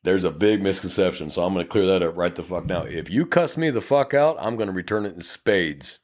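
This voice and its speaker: A middle-aged Texan man with a fairly low voice, trading cop stories on a podcast. He talks bluntly and swears freely, jumping into animated impressions of angry drivers and officers. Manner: blunt, profane, animated, acts out both sides of traffic stops in quick voices. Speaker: podcast co-host, police officer. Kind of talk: casual storytelling chat.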